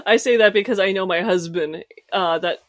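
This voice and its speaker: An American woman co-hosting a podcast in casual chat, animated and quick to laugh. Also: medium pitch, no room sound, studio quality. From United States. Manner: animated, laughs often, talks in bursts. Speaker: podcast co-host.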